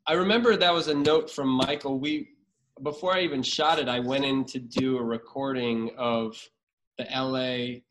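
A man's voice: medium pitch, fairly even intonation, normal speed, a bit bright, rough recording. A man in his thirties, a podcast guest, chatting casually and telling stories, with many restarts. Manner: rambling storyteller with many restarts. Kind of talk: casual chat.

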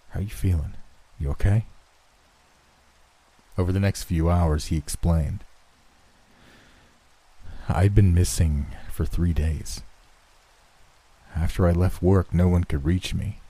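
A man reading a first-person horror story in a measured, dramatic storytelling manner. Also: sits low, dark tone. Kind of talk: scripted horror narration.

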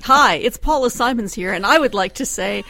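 A woman's voice: a little high, expressive, normal speed, gravelly, pushed and bright. A woman guest on a podcast panel, chatting in a teasing, easygoing way. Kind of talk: casual panel chat.

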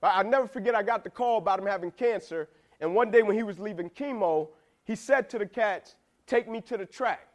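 A man's voice: sits high, brisk. A young man giving an emphatic, slangy motivational speech to football players, repeatedly asking "right?". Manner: emphatic, repetitive, asks "right?" a lot, slangy.

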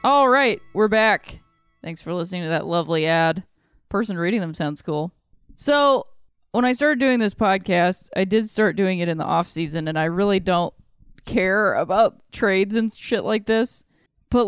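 A woman's voice: mid-range voice, moderate pace, clean tone, dry recording, clean studio sound, faint music behind. Frank, rambling woman podcast host. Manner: rambling, conversational, frank with swearing. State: sleepy, yawning. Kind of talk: casual solo podcast monologue.

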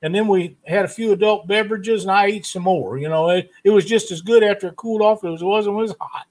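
High-voiced folksy man. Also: fast talker, a little mellow. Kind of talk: casual podcast chat.

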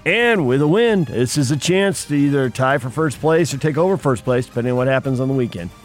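A man's voice: medium pitch, lively intonation, fairly quick, soft background music. A man co-hosting a sports radio show, reading headlines and teasing his partner with dry humor. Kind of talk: casual sports radio banter.

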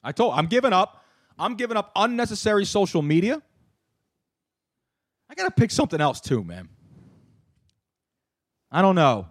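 A man's voice: high-pitched, sing-song, normal speed, long pauses. A man hosting a radio talk show, brash and profane in casual banter.

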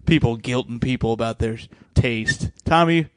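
A man's voice: medium pitch, normal speed, clear, resonant tone, no echo. A man hosting a comedy podcast, joking, swearing and laughing often with his guests. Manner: jokey, profane, laughs often. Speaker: podcast host. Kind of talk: casual comedy podcast chat. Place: studio.

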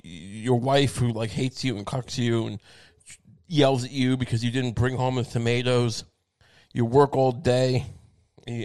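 A man in the middle of a comedic monologue, cursing freely and circling back on himself with stammered restarts. His voice sits at an ordinary, middling pitch for a man. The tone stays sardonic and loose rather than polished. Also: a little mellow. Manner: profane, rambling, sardonic rant with many restarts.

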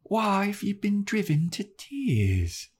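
A man voicing an eerie, seductive female vampire in a breathy, sing-song high voice. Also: wildly swooping pitch, slow pace, full character voice.

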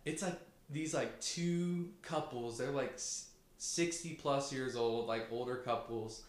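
A man's voice: medium pitch, slow. Laid-back young man, lots of fillers. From Virginia, US. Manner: laid-back, many "like" fillers, laughs often. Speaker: podcast guest. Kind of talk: casual chat. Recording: echoey room, faint background hum.

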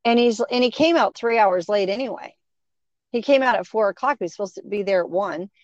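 A middle-aged woman tells a story casually and animatedly, speaking fairly quickly in a medium-pitched voice and acting out quoted voices. The close, muffled sound is dull and dry, with no room sound.

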